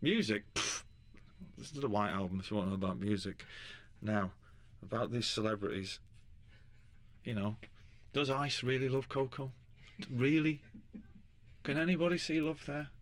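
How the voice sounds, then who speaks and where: A man's voice: medium pitch, moderate pace, long pauses. A man, a musician giving casual interview answers in a blunt, sardonic way and swearing freely. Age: 40s. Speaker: musician guest.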